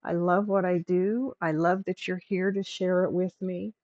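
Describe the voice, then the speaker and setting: A woman's voice: fairly low pitch, little pitch movement, normal speed, darkish tone, no echo. A middle-aged woman hosting a craft livestream, chatting to herself and to viewers as she works. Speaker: livestream host. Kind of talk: casual chat while crafting. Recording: dull, lo-fi dry sound.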